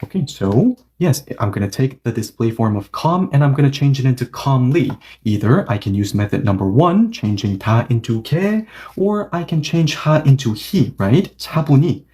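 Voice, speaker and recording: Male language teacher, mellow voice, animated delivery, patient and explanatory. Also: mid-range voice, moderate pace, hardly any pauses. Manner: patient, checks understanding often. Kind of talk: online grammar lesson.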